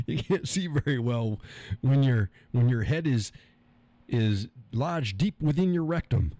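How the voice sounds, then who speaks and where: A man's voice: medium pitch, animated, unhurried, mellow, dry recording. A middle-aged man hosting a casual live stream, reading out chat comments, joking crudely and laughing often. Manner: chatty, laughs often, salty jokes. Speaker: livestream host reading chat.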